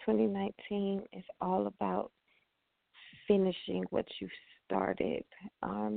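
Woman on call-in radio doing readings, super gravelly voice, calm, tinny phone sound. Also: medium pitch, no echo. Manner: calm, steady advice-giving. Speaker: radio host and spiritual reader.

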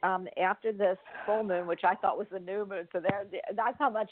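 A woman's voice: mid-range voice, fairly even intonation, normal speed, no echo. A woman hosting a call-in show, chatting effusively and laughing often. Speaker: radio show host. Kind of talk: casual call-in chat. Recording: phone-like lo-fi audio.

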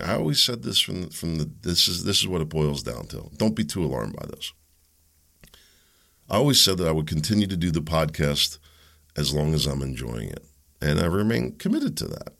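This solo podcast host is a man whose voice sits low and creaky with a touch of brightness. His talk is rambling and conversational, full of mid-sentence self-corrections and pointed questions, and his manner is opinionated and probing.

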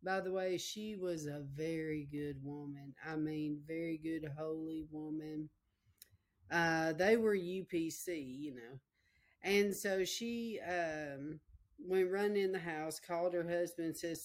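A woman's voice: deep voice, fairly even intonation, measured pace. A woman preacher, telling a personal story in a folksy, emotional way during a sermon.

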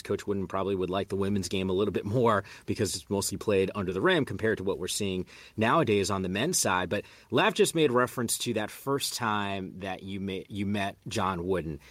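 A man's voice: low voice, a little fast, a bit bright, dry recording. A man hosting a podcast interview, asking chatty, friendly questions. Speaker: podcast host. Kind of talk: casual interview.

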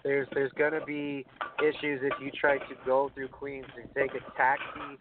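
A man's voice: mid-range voice, moderate pace. A man from Brooklyn with a New York accent, hosting a casual podcast chat and telling blunt, swearing stories. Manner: blunt, swearing, animated storytelling. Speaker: podcast host. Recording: tinny phone-like line with faint hiss.

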